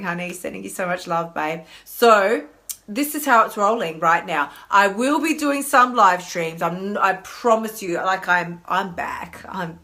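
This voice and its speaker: Bubbly, bright Australian woman. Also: medium pitch. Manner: chatty, bubbly, greets viewers by name. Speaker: emotional eating coach. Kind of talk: casual live stream chat.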